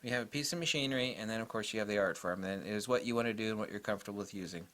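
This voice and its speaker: A man's voice: on the low side, rapid-fire, fairly bright tone. A man talking casually in an opinionated, digressive way as he reviews cameras at a table, now and then mocking imagined critics in exaggerated voices. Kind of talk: casual rambling camera vlog.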